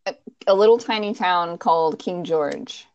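A woman's voice: fairly low pitch, expressive, moderate pace, darkish tone, lo-fi sound. A woman with a Virginia accent co-hosting a podcast, chatting casually and rambling with little laughs and restarts over a call. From Virginia, USA. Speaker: podcast co-host.

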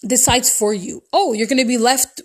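A woman's voice: on the high side, normal speed. A woman giving casual advice in a rambling way, full of restarts and fillers. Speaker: podcast host.

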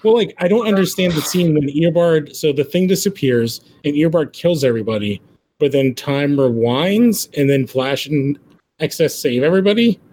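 A man's voice: on the high side, expressive, normal speed, darkish tone, slight background noise. A man co-hosting a podcast, asking puzzled questions and retelling scenes in a casual chat about TV episodes. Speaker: podcast co-host.

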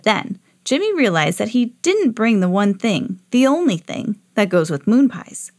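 Mom reading a kids book out loud, slow and sing-songy, dry close sound. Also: female voice, mid-range voice, no room sound. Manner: expressive, animated read-aloud. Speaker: podcast host reading aloud. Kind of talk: children's storybook reading.

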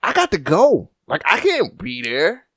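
A man's voice: on the high side, huge pitch swings, unhurried, bright, forceful tone, dry recording, studio quality. A man co-hosting a casual chat, playful and profane, with many restarts as he explains. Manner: playful, swearing, hesitant restarts.

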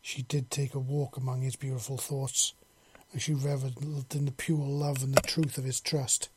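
A man narrating a story in a steady, unhurried reading. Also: medium pitch, very noisy.

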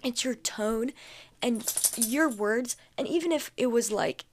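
A woman's voice: a little high, measured pace, a little hiss or hum. A young adult woman hosting a casual solo podcast, chatty and full of fillers, repeating her points for emphasis. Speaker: podcast host.

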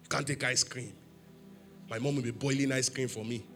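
A man's voice: medium pitch, fairly even intonation, fairly quick, fairly bright tone, faint music behind. A man preaching a sermon in church, emphatic, asking the congregation questions for them to answer. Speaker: pastor.

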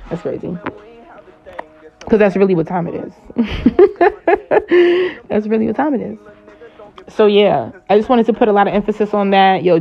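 Gravelly low-voiced woman rambling about astrology. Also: lo-fi sound. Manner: rambling, slangy and profane, laughs often. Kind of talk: casual astrology chat.

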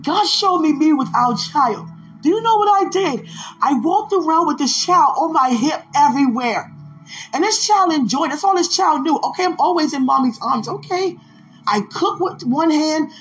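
A woman's voice: high voice, animated, moderate pace, faint music behind. A woman podcast host telling a personal faith testimony in an emotional way, with pleading repetitions.

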